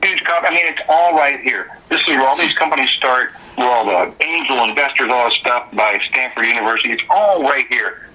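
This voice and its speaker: A man, a musician guest, telling stories in a casual, animated interview. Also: medium pitch, brisk, poor audio. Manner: animated anecdotal storyteller.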